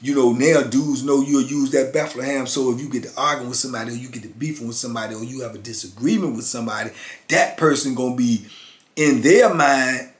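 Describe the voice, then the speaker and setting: A man's voice: medium pitch, a little fast. A man in his fifties hosting his channel, telling a story casually and acting out both sides with street slang. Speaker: channel host. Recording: roomy echo.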